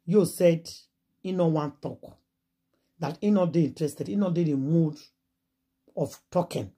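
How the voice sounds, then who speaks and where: Husky Nigerian Pidgin gossip vlogger woman. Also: low voice. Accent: Nigerian Pidgin English. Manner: excitable retelling in Pidgin, quick asides and exclamations. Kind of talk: dramatic gossip storytelling.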